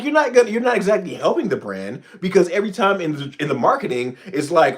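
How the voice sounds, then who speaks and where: A man's voice: sits high, very animated, fairly quick, few pauses. A man hosting a casual livestream, ranting in a profane, rambling way with frequent stammered restarts. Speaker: channel host.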